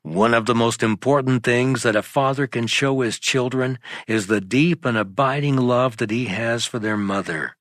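A man's voice: mid-range voice, dry recording. Earnest male narrator, dry studio sound. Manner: steady, earnest instructional reading. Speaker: narrator of a church lesson video. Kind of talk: scripted narration.

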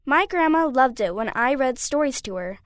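A woman reading a child's letter aloud in a clear, plain delivery. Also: high-pitched, expressive, normal speed, dry recording, studio quality. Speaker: reader.

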